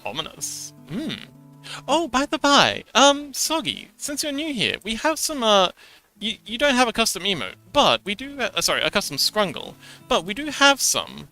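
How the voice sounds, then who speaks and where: A man's voice: very high voice, big pitch swings, moderate pace, sharp tone, soft background music. A man streaming live, chatting casually with viewers and reading chat aloud, with frequent stammered restarts and giggles.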